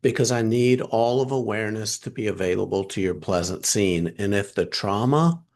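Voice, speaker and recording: A man teaching a workshop over a video call, animated, posing questions and answering them himself. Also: lowish voice, moderate pace. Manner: animated, asks and answers his own questions. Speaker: trainer.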